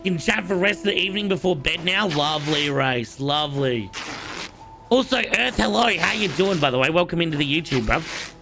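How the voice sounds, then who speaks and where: A man's voice: fairly high pitch, animated, normal speed, vocal fry, music in the background. A man with an Australian accent, casually commentating his game on a live stream and bantering cockily with chat. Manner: playful, cocky banter with chat.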